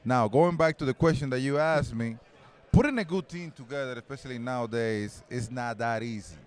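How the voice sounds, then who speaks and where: A medium-pitched man in his forties, a retired baseball player with a Spanish accent, talks fairly quickly as a guest in a casual interview. He rambles loosely, restarting often and laughing easily.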